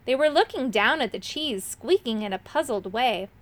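A woman reading a children's chapter book aloud with expressive, dramatic delivery. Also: a little high, moderate pace. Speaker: narrator.

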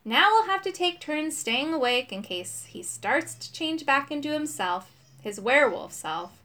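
A woman's voice: high voice, very animated, a little slow, sharp tone, pitched above the performer's own voice, heavily acted. A woman voicing a gloomy, sighing companion in a storybook.

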